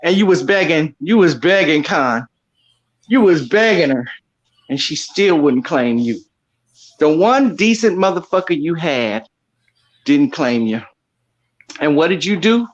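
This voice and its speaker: High-voiced man on a profane mocking roast. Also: animated, measured pace, long pauses, dull audio. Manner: loud mocking rant, heavy cursing. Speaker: online show host roasting a rival.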